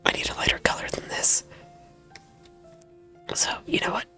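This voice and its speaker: A woman streamer who has lost her voice, chatting to herself in a soft, playful whisper while she draws, close to a very sensitive mic. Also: moderate pace, soft background music. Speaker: streamer drawing digital art. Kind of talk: casual chat while drawing. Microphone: high-sensitivity desk mic, close.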